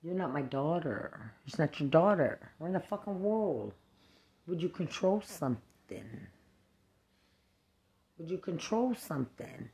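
A woman in an angry, profane rant, hurling insults over and over and swinging between shouting and low muttering. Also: animated, unhurried, slight background noise.

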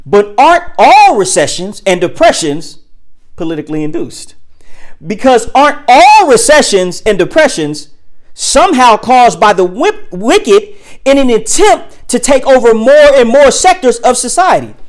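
An animated preacher whose pitch swings widely as they speak. They throw rhetorical questions at the audience in loose, everyday speech, then slow right down to stress each word of a scripture reading. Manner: rhetorical questions addressed to listeners; reads scripture slowly and emphatically.

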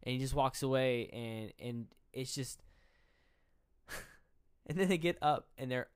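A young man talks through a film he has just watched, retelling scenes and acting out the characters' lines with plenty of swearing. His voice is smooth and clear at a middle pitch, recorded dry and close. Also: takes it slowly, no room sound. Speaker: podcast co-host. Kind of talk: casual film review chat.

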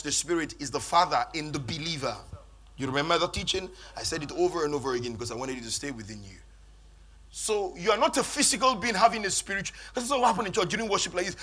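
High-voiced bright preacher. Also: male voice. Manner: preaching with call-and-response, commanding the congregation. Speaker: pastor. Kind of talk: sermon. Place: church.

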